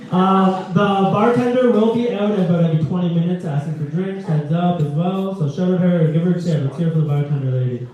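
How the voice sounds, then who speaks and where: A man's voice: sits high, fast, few pauses, lo-fi sound, background noise. Crude young man doing stand-up in a club. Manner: crude, provocative, teasing the audience. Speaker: stand-up comedian. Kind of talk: stand-up crowd work. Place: small comedy venue with a live audience. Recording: echoey club from a distance with crowd.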